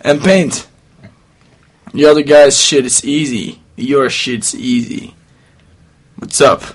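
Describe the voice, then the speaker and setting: Slow-talking joking studio host man. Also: medium pitch, steady tone, husky. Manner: loose, crude and mocking. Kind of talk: joking casual studio banter.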